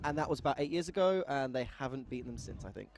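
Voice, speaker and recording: A man's voice: mid-range voice, lively intonation, very fast, darkish tone, slight background noise. A man doing live sports commentary, teasing his co-host with dry humor and banter.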